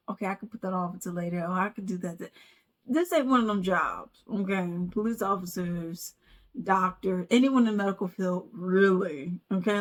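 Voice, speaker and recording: A woman vlogger in casual commentary, telling stories with lots of asides and frequent "okay?" tags. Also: medium pitch.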